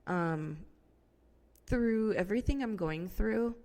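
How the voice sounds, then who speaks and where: A woman in her thirties hosts a podcast, talking casually and openly about her family in a personal monologue full of fillers, tearing up at moments. Her mid-range voice is animated yet slow-paced and darkish in tone, with a long reverb tail on the recording.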